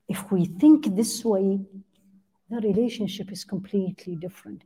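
Woman, religious lesson, very warm low-toned voice, breathy, recites then translates, asks listeners questions. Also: normal speed. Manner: translates Arabic supplications line by line, questions the audience. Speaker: religious teacher.

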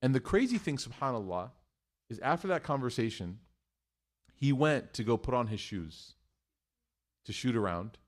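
Man, middle-aged, Muslim speaker, animated storytelling, religious lesson, Arabic phrases. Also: medium pitch, moderate pace, pauses often.

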